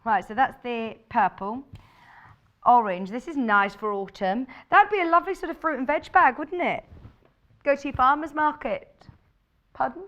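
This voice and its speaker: A woman's voice: sits high, moderate pace, a bit bright, highs cut off. A woman presenting sewing kits on a live shopping channel, chatty and bubbly, thinking aloud as she shows the fabrics. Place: TV studio.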